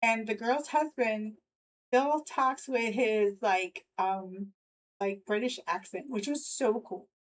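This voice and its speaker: A woman's voice: on the high side, slow, slight background noise, low-quality recording. A woman hosting a live news stream, talking loosely with many fillers and frequent laughter. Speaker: livestream host. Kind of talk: casual live commentary.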